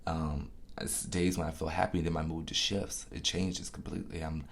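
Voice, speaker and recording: A man with a very low voice and a gravelly rasp, speaking in a casual podcast monologue. He is candid and confessional and swears freely. He often drops into soft, reflective asides. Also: little pitch movement, normal speed. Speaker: musician hosting his own podcast.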